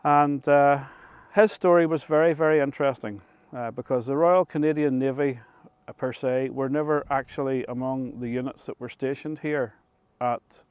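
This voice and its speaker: Man, middle-aged, Northern Irish accent, chatty storytelling, medium pitch, crisp clear voice. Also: steady tone, darkish tone, dry recording. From Northern Ireland. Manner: unhurried, chatty, restarts mid-phrase. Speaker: vlogger. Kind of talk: storytelling to camera. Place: rooftop of an old control tower, outdoors.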